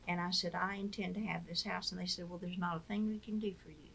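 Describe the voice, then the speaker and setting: Older woman guest, gravelly, animated storyteller. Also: fairly low pitch, fast talker, slight background noise. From Mississippi. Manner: lively storyteller acting out quoted voices. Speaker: interview guest, wife of a former POW. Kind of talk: storytelling in a conversational interview.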